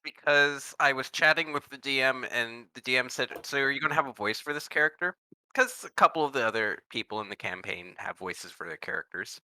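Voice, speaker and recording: A man's voice: medium pitch, animated, brisk, sharp tone, no echo. A man chatting casually as a tabletop game player, telling a story with lots of fillers and restarts. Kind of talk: casual chat.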